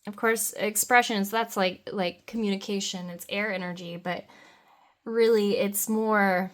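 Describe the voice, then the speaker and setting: A woman doing a pick-a-card tarot reading, talking in a dreamy, meandering and enthusiastic way with soft laughs. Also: mid-range voice, fairly even intonation, measured pace.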